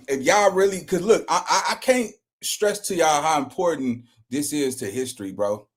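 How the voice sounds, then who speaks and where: A man with a fairly high voice talks straight to his viewers in loose, slangy commentary. He presses his points hard and keeps repeating and restarting his words. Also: expressive, normal speed, husky. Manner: emphatic, slangy, repeats himself. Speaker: reaction vlogger. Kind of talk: casual commentary.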